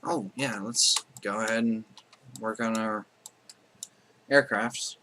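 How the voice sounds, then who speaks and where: Male let's-play host, bright, rambling commentary over a strategy game, frequent self-corrections. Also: lowish voice, steady tone, slow pace, a little hiss or hum.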